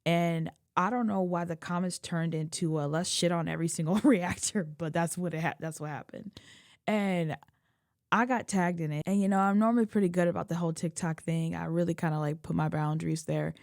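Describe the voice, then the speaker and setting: A woman's voice: fairly low pitch, steady tone, darkish tone, dry recording. Tearful young woman, dry close sound. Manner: tearful, halting, many restarts. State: crying. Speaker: video creator. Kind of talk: emotional confessional vlog.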